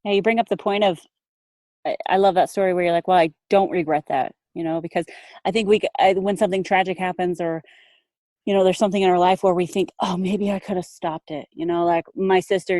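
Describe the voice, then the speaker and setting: Woman podcast host, lowish voice, dry close sound, empathetic and chatty. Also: flat delivery, fast, a little mellow, no echo. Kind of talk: conversational interview.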